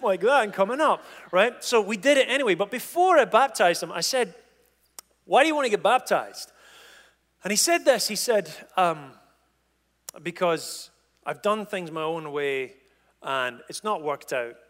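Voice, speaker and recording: A man's voice: high voice, lively intonation, measured pace, fairly bright tone, big-room sound. A man preaching a sermon as pastor, telling a story with acted-out dialogue and humor.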